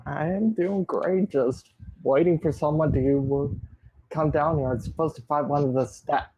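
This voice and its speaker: A man's voice: on the high side, fairly even intonation, unhurried, darkish tone, husky, poor audio. A man playing his character in an online tabletop game, speaking casually and partly in character. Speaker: player. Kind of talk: casual tabletop play chat.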